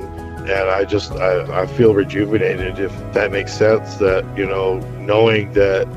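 A man guest on a radio show, giving a halting personal testimony full of restarts. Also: fairly low pitch. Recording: dull audio with music behind.

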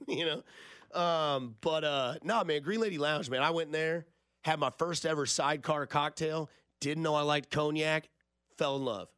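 Rambling, jokey radio host. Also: male voice, on the high side, normal speed, a bit bright, clear, resonant tone, no room sound, clean studio sound. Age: 30s. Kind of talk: casual radio talk.

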